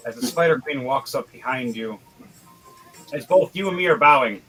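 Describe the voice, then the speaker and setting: A man's voice: mid-range voice, lively intonation, moderate pace, pushed and bright, faint music behind, low-quality recording. A man running a tabletop game as game master, narrating casually with fillers.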